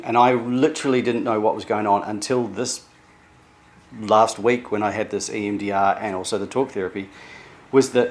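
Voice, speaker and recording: Halting, emotional middle-aged man. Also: lowish voice, fairly even intonation. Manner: halting and emotional, with many restarts and self-quotes. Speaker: vlogger sharing therapy progress. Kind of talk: candid personal vlog monologue.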